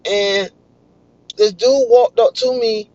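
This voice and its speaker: High-voiced excitable man. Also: slow pace, dry recording. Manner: excitable, animated retelling. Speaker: vlogger. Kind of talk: casual storytelling. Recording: dull, lo-fi dry recording.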